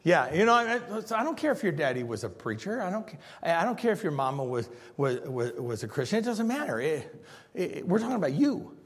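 A pastor preaches a sermon on scripture in a slightly high, slightly rough voice, talking a little fast and very animated. He acts out the people he quotes with big swings in voice, and the sound fills a big room.

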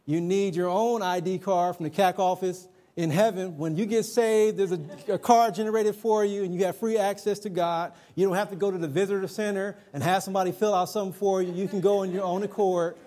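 A middle-aged man delivers a sermon to a young congregation in a notably high voice. He keeps it conversational, mixing emphatic points with personal anecdotes. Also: steady tone, moderate pace, dark tone. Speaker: preacher.

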